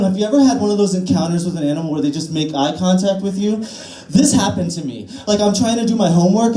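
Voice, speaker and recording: A woman's voice: mid-range voice, mellow. A trans woman in her twenties doing a crude, self-deprecating stand-up set, rambling with fillers. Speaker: stand-up comedian. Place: small cafe-bar stage. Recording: echoey bar room.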